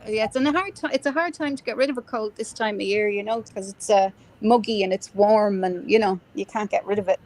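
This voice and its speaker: A woman's voice: medium pitch, a little fast, few pauses, darkish tone. An Irish woman hosting a casual live stream, rambling and greeting viewers by name with endearments. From Ireland. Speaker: livestream host.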